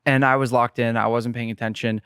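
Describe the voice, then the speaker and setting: A man in his twenties, a guest chef, telling rambling, animated stories in a casual podcast interview. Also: mid-range voice, fairly quick, clear, resonant tone, no room sound, clean studio sound.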